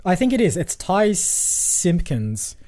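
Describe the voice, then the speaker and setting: A man's voice: sits high, sing-song, slow, mellow, dry recording. A man co-hosting a podcast, chatting casually about films in a jokey way and riffing on ideas. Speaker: podcast co-host. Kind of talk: casual film chat.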